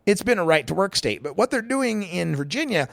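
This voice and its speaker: A man's voice: high voice, big pitch swings, a little fast, creaky, fairly bright tone, no room sound. A middle-aged man from Idaho, hosting a talk radio show and giving emphatic, opinionated political commentary with sarcastic asides.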